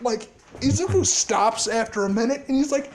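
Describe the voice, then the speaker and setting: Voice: mid-range voice, lively intonation, moderate pace, a little hiss or hum. A casual storyteller rambling through a fan scenario with frequent laughter, filler words and heavy swearing.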